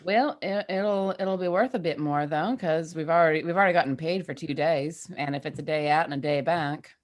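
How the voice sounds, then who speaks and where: A woman's voice: deep voice, fairly quick. A woman playing a tabletop game, chatting casually. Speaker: player.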